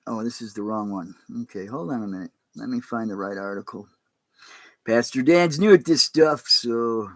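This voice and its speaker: A man who is a pastor, talking in a casual, rambling and halting way on a livestream. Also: lowish voice, dry recording.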